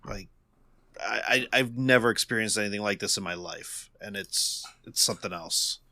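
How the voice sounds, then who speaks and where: Young male co-host, bright and tense tone, searches for words, sincere, very dry sound. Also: on the low side, no room sound. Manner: heartfelt, halting, restarts often. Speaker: podcast co-host. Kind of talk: casual podcast chat.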